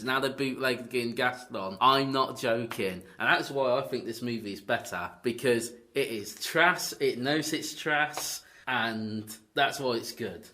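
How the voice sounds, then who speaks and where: Bright-voiced sarcastic man. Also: mid-range voice. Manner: sarcastic, mock-earnest arguing. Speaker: podcast host. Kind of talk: casual film review chat.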